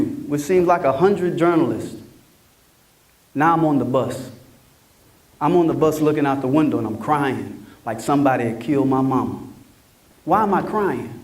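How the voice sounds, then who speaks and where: A middle-aged man from Mississippi gives an animated motivational talk and keeps checking in with his audience. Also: sits high, far from the mic. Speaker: conference speaker. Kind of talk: motivational storytelling speech.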